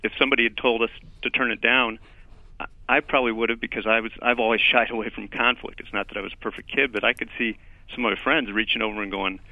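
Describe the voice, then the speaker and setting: A male newspaper columnist joining as a guest, telling stories in a relaxed, reflective way with stammered restarts. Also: mid-range voice, fast, no echo. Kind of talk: conversational storytelling. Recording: tinny phone line.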